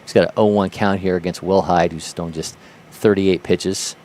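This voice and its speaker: A man's voice: low-pitched, fairly even intonation, moderate pace, a little mellow, a little hiss or hum. A man calling live play-by-play for a baseball broadcast, lifting his voice sharply on big plays. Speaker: play-by-play commentator.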